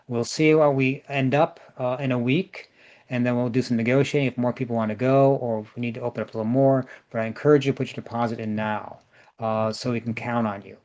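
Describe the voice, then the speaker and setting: Over a video call, a man organizing a group tour offers chatty, joking travel advice, repeating words for emphasis. His voice sits in the mid range.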